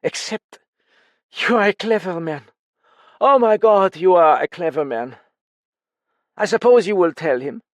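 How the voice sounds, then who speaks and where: A man reading an audiobook, voicing a cold, sharp-tongued French woman who snaps and snarls in a raised voice. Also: fairly low pitch, animated, unhurried, pauses often, no room sound, pitched above the performer's own voice. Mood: wary. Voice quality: frigid, snarling.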